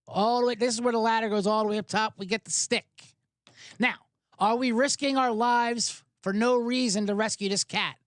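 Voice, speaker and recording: A man's voice: very high voice, fairly even intonation, moderate pace, a bit bright, no echo, clean studio sound. A man hosting a sports betting podcast, talking in a hyped, rambling way, swearing and spinning jokey analogies. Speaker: podcast host.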